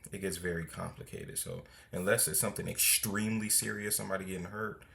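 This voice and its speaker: Deep, gravelly man giving advice. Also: steady tone, a bit bright. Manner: measured, advisory. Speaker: podcast host. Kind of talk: commentary.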